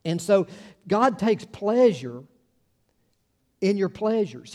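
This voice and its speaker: A man's voice: sits high, sing-song, slow pace, warm tone. A man preaching a conversational sermon as a pastor, informal and chatty, with wry asides to the congregation. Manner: informal and chatty, many fillers and restarts.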